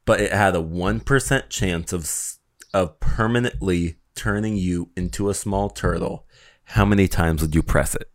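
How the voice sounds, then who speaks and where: A man's voice: sits low, moderate pace, dry recording. A man co-hosting a casual podcast, teasing and cracking jokes at his friend. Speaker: podcast co-host. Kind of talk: casual comedic chat.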